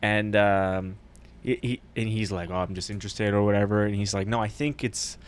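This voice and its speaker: A man's voice: fairly low pitch, fairly even intonation, normal speed, smooth. A man on a podcast, casually retelling a show's plot in a rambling way, acting out the characters' lines and laughing often. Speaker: podcast co-host.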